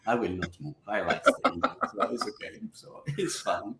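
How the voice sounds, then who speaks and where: A man from the Mediterranean region, a guest in a casual interview, speaking earnestly in halting, non-native phrasing. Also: low-pitched, huge pitch swings, gravelly, very noisy. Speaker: guest, tarot deck creator. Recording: echoey room.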